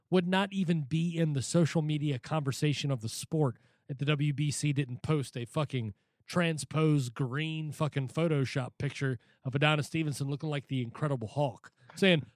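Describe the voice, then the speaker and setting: A man hosting a boxing podcast, ranting in an animated, profane way during casual chat. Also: a little high, no room sound, clean studio sound. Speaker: podcast host.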